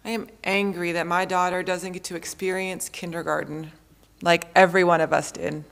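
A woman in her thirties, a pastor preaching a sermon in a measured way, repeating phrases for emphasis. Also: on the low side, little pitch movement, vocal fry, fairly bright tone.

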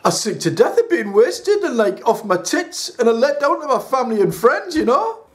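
A man acts out an eager young Geordie addict with a high, bouncing voice. He is blunt and excitable, a comic figure in a sketch. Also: normal speed, full character voice. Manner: eager and blunt, lively rises in pitch.

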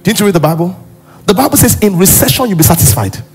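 A pastor delivers an animated sermon in a church. His voice sits high and slightly husky, and he often slips into acted characters. Faint music plays underneath. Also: fast.

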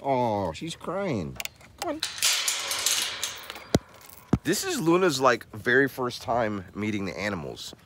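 A young man vlogging casually around his farm and new house, chatting, laughing often and using high baby talk with the animals. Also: huge pitch swings, slow pace, long pauses, noisy background. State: soaked from rain. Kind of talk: casual vlog narration. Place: outdoors on a farm, and a house under construction.

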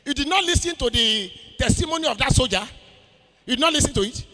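A Nigerian pastor preaching with a high, bright voice that climbs and drops all over. He asks questions for the congregation to finish and breaks into shouted declarations. The sound rings with the long echo of a church hall. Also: expressive, fairly quick. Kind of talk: sermon.

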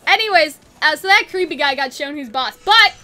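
A woman with a high, bright voice hosts a casual review chat. She talks loosely and chattily, filling her sentences with "like" and "you know what I mean.". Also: animated, fairly quick. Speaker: anime review show host.

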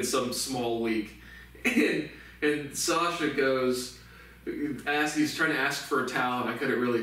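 A man rambles in a sarcastic, profane vlog, chuckling between his points. His voice sits at an ordinary pitch. It echoes heavily off the room, and the mic is far back. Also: fairly bright tone. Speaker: vlogger. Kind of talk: casual rambling monologue.

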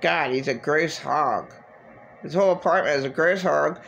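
A woman's voice: low-pitched, normal speed, gravelly, fairly bright tone, dull audio. A woman vlogger venting in a rambling, agitated, profane monologue.

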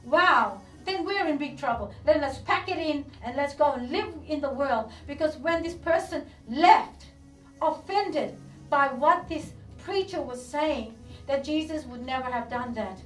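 A woman's voice: high voice, expressive, unhurried. A woman pastor delivering a sermon, preaching with fervent rhetorical questions and repeated words. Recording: echoey room from a distance with faint music.

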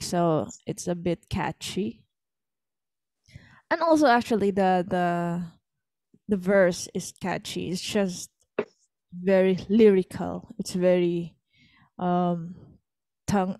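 A woman's voice: lowish voice, a little mellow, no echo, clean studio sound. A woman teaching an online singing lesson over a video call, patiently coaching her student through a song's lines. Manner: patient, demonstrates lines by speaking and singing them.

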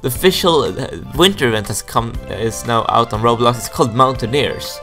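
A young man hosts a gaming video, commenting casually on the gameplay with a medium-pitched voice at a brisk clip, often exclaiming excitedly and giggling over soft background music.

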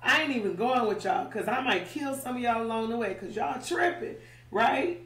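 A woman's voice: a little high, moderate pace, fairly bright tone, close to an everyday voice. A woman voicing God as an exasperated male figure who talks in blunt, casual slang. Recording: roomy, distant mic.

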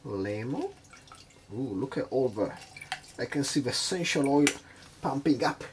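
A man's voice: mid-range voice, expressive, unhurried, noisy background. A man hosting a casual cocktail-making vlog at his home bar, chatty and hesitant, nervously poking fun at himself. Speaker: home bartender host.

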